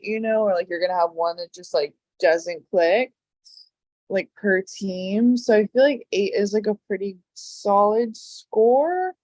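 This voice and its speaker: A woman's voice: medium pitch, a little mellow, no room sound. A young woman, a game contestant, talking in a hesitant confessional with many fillers. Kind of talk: casual confessional interview.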